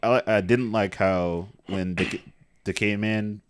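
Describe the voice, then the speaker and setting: A man with a very low voice, chatting as a podcast co-host. He tosses in dry, sarcastic comments about the film as his partner tells the story. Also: steady tone, measured pace, clear, resonant tone, no room sound. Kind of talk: casual movie recap chat.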